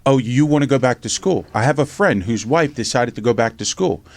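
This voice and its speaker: A middle-aged man from Pennsylvania telling his life story in a casual interview, animated and blunt, swearing freely and acting out the voices in his tales. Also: mid-range voice, a little fast, gravelly. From Norristown, Pennsylvania, USA. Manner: animated storyteller, acts out quotes, swears freely, says "right?" often. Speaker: podcast host and memoir author.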